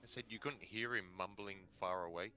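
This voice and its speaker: A low-voiced man rambling casually through a tabletop game chat. His tone is very bright and sharp. Faint music sits behind him. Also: brisk, rough recording. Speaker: player.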